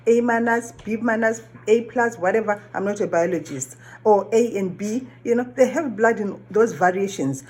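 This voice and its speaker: A woman speaking English as a later language, in a slightly husky voice. She talks earnestly and reflectively, asking questions and repeating her phrases for emphasis. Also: mid-range voice, darkish tone. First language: not English. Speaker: vlogger. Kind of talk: reflective personal monologue.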